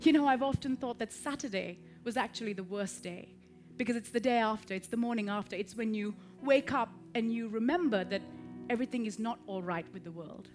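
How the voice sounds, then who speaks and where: A woman preaching a sermon in rhythmic repeated phrases, swelling to loud peaks and dropping to soft tones. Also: on the high side, brisk, soft background music.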